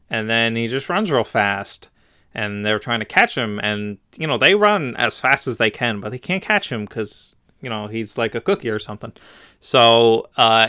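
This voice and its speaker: Bright, clear-voiced male podcast host. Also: medium pitch. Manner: animated, jokey, filler-heavy. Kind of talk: casual chat.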